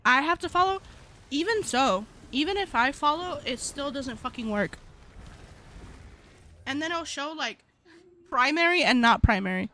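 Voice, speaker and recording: A woman's voice: sits high, expressive, normal speed, long pauses, bright, forceful tone, slight background noise. A woman streaming live, chatting casually with her viewers in a slangy, rambling way, often laughing.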